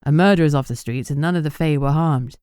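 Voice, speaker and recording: A woman voicing a steady, protective man who speaks in a low, soothing but firm way. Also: quick pace, clear, resonant tone, no room sound, close to an everyday voice.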